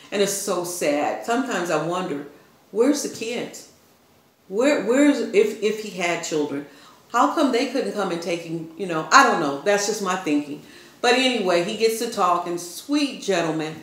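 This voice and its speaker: Older woman, chatty vlogger, preachy and animated, voice in a very echoey room. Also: on the low side, moderate pace. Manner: animated, preachy, addresses viewers as y'all. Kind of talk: casual storytelling and faith talk.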